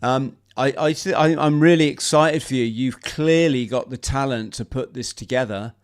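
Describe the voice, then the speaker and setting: A man hosting a relaxed conversation, his voice smooth and resonant. He comes across as enthusiastic, and his sentences stop and start as he searches for the right words. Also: mid-range voice, moderate pace. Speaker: host. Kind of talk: casual conversation.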